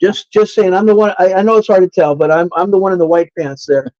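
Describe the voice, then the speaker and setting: An older man with a high-set voice tells stories in a loose, rambling way. He often stumbles and repeats himself as he talks. The recording sounds dull and muffled. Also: fast talker, a little mellow. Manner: repeats words, restarts often. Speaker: guest musician. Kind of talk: casual storytelling.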